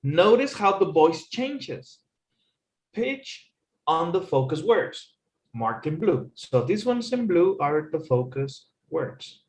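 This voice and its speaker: A man, teaching an English lesson with slow, careful explanations. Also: on the high side, sing-song. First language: Spanish. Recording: echoey room.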